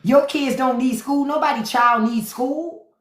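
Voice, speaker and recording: A woman's voice: sits high, a little slow, reverberant. A woman hosting a live stream, ranting about politics to her chat in a profane, sarcastic, mocking way. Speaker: podcast host on a live stream. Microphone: phone.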